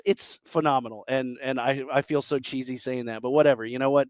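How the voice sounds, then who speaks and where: A man's voice: mid-range voice, steady tone, brisk, smooth, no room sound. A man in his thirties co-hosting a casual podcast chat, enthusiastic and rambling, often acting out what people said. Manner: enthusiastic, rambling, acts out quotes. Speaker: podcast co-host.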